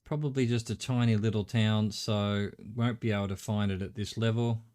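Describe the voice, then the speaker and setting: A man's voice: lowish voice, fairly even intonation, normal speed, darkish tone. A middle-aged Australian man streaming a game, thinking aloud in a rambling way and swearing casually. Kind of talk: live gameplay commentary.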